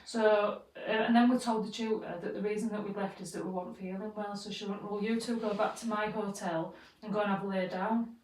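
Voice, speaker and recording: A woman co-hosting a podcast, telling a story in a casual, animated way and swearing freely. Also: medium pitch, a little fast, hardly any pauses, far from the mic, a little hiss or hum. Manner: animated, swears freely, acts out quoted voices. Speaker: podcast co-host. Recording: roomy sound, away from the mic.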